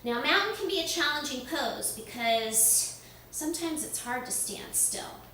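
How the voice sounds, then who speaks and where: A woman leading a yoga lesson for children, giving slow, gentle, sing-song instructions. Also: high voice, lively intonation, slight background noise. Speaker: kids yoga teacher. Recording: echoey room, voice from far off.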